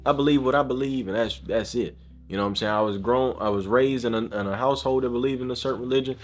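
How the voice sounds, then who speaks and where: A man's voice: mid-range voice, fast. Guy going off on a vlog rant, lots of bro, mid voice, faint music behind. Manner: emphatic, slangy, keeps saying bro and you know what I'm saying. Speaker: vlogger. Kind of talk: casual opinion rant to camera.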